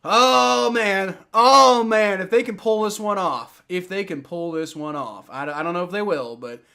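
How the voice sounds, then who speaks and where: Man, higher voice, excitable, swearing, live play-by-play reaction. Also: normal speed. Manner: excitable, swears, repeats himself. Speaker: livestream football reactor.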